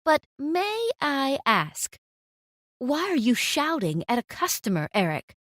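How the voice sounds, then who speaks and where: A stern cafe owner lays down the law in a firm, scolding tone, voiced by a woman. The pitch sits fairly high and moves a lot, recorded close and dry for a storytime video. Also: huge pitch swings, takes it slowly, a bit bright, dry recording, heavily acted. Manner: scolding, authoritative. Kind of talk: storytime narration.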